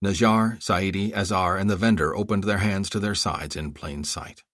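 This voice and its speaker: Low-voiced man narrating an audiobook. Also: fairly even intonation, moderate pace, a bit bright, no room sound, clean studio sound. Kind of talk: scripted narration.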